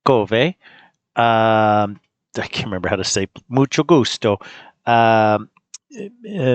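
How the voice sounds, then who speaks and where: A man hosting a casual demo, talking in a relaxed, rambling way with fillers. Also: on the low side, takes it slowly, no room sound. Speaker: host demonstrating an app. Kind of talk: casual screen-recorded demo.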